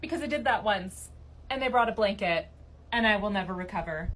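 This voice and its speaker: A woman teacher telling classroom stories to camera, wry and dry, sometimes dropping to hushed gossipy asides. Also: mid-range voice, lively intonation, brisk. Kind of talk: casual storytelling to camera.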